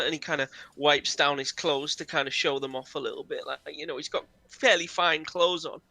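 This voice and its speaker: A man's voice: on the high side, fairly even intonation, a little fast, few pauses, bright, forceful tone, no echo. A man running a tabletop role-playing game as game master, narrating in a casual, loose way.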